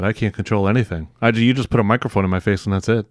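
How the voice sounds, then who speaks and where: A man co-hosting a casual family podcast with his child, easygoing and quick to laugh. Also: on the low side, steady tone, no echo, clean studio sound. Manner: easygoing, laughs often, playful. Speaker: podcast co-host, parent of the child host.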